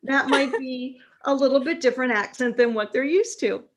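A woman host from New York with a fairly high voice interviews her guest. She chats easily and laughs often. She reads passages from a book aloud. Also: normal speed. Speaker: podcast host. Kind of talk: casual interview, reading book excerpts.

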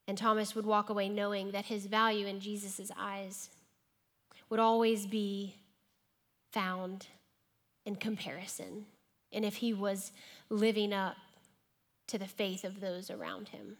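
Woman preacher, sermon delivery, voices imagined lines, hushes for emphasis. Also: medium pitch, flat delivery, measured pace, pauses often. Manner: acts out imagined dialogue, dropping to a hush for emphasis.

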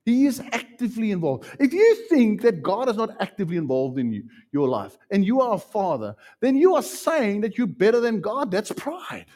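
A South African man preaching a sermon with passion, swinging from loud outbursts to hushed lines. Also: high voice, big pitch swings, moderate pace, hardly any pauses. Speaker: pastor.

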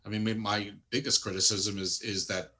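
A man's voice: fairly low pitch, moderate pace. A man co-hosting a casual wrestling podcast, opinionated and full of restarts. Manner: opinionated, lively, stumbling restarts. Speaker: podcast co-host.

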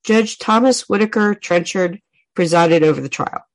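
A woman with a fairly low voice co-hosting a podcast. She reads a case aloud at a steady pace and teases her partner in between. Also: moderate pace, poor audio. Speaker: podcast co-host. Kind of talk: casual chat and reading aloud.

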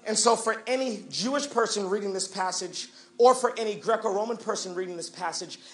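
A young man preaching a sermon, shouting and half-singing at his peaks, then dropping into quick, quiet joking asides. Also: high-pitched, roomy sound. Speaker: pastor.

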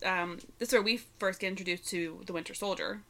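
A woman's voice: medium pitch, steady tone, quick pace, pushed and bright. A woman co-hosting a casual podcast, talking through a film with blunt, opinionated remarks and the odd swear. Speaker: podcast co-host. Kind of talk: casual film recap chat.

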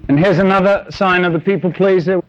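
A man preaching a sermon, telling stories in an animated way with acted-out sounds. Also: high-pitched, fairly quick, lo-fi sound. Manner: animated storytelling with shouted sound effects.

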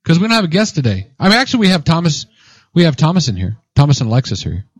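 A man co-hosting a casual podcast, telling stories in a lively, joking way and acting out what people said. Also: a little high, very fast, no room sound. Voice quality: lively, joking storyteller who acts out quotes. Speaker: podcast co-host. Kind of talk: casual chat.

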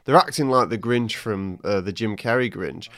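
A man's voice: lowish voice, moderate pace, a bit bright, no echo. Playful man in casual banter. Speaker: podcast co-host. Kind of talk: casual chat.

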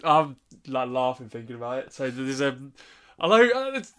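A man's voice: medium pitch, big pitch swings, normal speed, a bit bright, smooth. A man chatting about a favourite film as a podcast co-host, thoughtful and a little rambling. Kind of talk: casual film chat.

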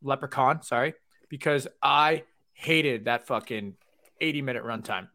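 A man's voice: mid-range voice, measured pace, bright, forceful tone. A man co-hosting a podcast, ranting and joking with lots of swearing. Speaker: podcast co-host. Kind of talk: casual podcast banter.

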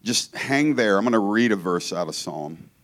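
A man's voice: fairly low pitch, lively intonation, normal speed. A man from Georgia preaching as a guest in a church, conversational and joking, often breaking off to restart his thoughts. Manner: conversational, joking, self-interrupting. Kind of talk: informal sermon.

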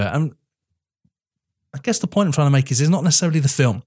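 Male podcast co-host, casual film chat, animated and emphatic. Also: fast, pauses often, slightly rough. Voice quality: animated, emphatic, rising pitch when excited.

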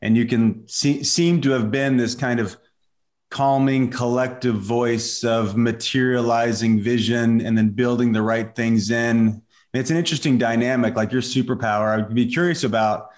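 A man from Southern Illinois hosting a podcast, asking questions in a halting, word-searching way. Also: medium pitch, fairly even intonation, a little mellow. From Southern Illinois, USA. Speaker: podcast host. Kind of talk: casual interview chat.

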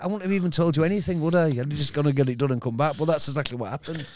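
A man's voice: on the high side, rapid-fire, darkish tone. A man, telling a rambling, stop-start anecdote full of repeats and swearing on a podcast. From Hull, England. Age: 50s. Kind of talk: casual chat, anecdote telling.

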